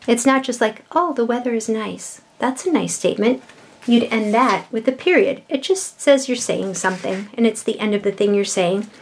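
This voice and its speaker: A middle-aged woman, a mother, patiently explaining vowels and punctuation to young children, with slow, drawn-out words. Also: medium pitch, gravelly. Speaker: children's educational video host.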